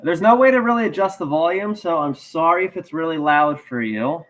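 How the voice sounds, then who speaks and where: A man's voice: high-pitched, big pitch swings, normal speed, few pauses, a bit bright, rough recording. A man hosting a casual live stream, rambling and joking at his own expense while he sets up and walks through a website. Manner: rambling, self-deprecating, talks while fixing gear. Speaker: livestream host.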